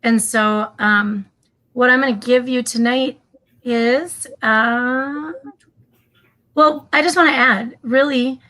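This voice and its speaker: A woman's voice: a little high, fairly even intonation, takes it slowly, pushed and bright, poor audio. A woman co-hosting a casual show, friendly and a little scattered as she checks her notes. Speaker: co-host with news segment.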